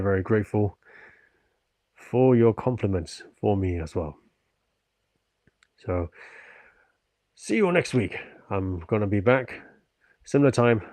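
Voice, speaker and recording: With a lowish, slightly mellow voice and no echo, a UK man chats to his livestream viewers after a stretching session. He's polite, earnest and often thankful, talking as he stretches and exercises.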